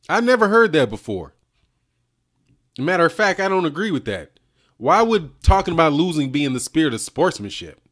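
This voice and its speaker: A man's voice: fairly high pitch, fairly bright tone. Slangy man chatting on a livestream. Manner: slangy and laughing, says "dog" and "man" a lot. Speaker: boxing channel host. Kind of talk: casual livestream chat reading super chats.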